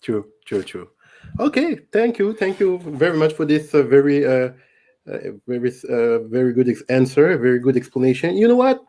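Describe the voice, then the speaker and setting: A man with a French accent, a native French speaker, hosting an interview and talking in a hesitant way with many pauses and restarts. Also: medium pitch, big pitch swings, warm tone. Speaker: host. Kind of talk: conversational interview.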